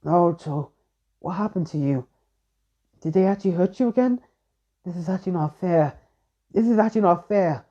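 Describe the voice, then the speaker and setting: A man's voice: sits high, expressive, moderate pace, pauses often, mellow, pitched above the performer's own voice. A man voicing a devoted, protective young celestial woman who pleads in repeated phrases, on a dull lo-fi recording. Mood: pleading. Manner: pleading, repetitive.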